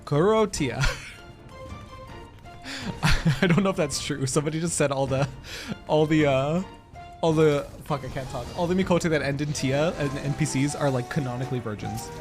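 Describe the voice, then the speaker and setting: A man's voice: on the high side, normal speed, long pauses, music in the background. A man live-streaming a game, chatting to his viewers in a giggly, rambling way. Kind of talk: casual live-stream chat while gaming.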